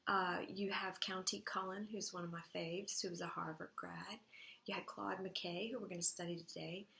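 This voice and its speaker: A woman teaching a high school English class, lecturing in a conversational way and checking in with "okay?". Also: vocal fry, pushed and bright, reverberant. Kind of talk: recorded lecture to students.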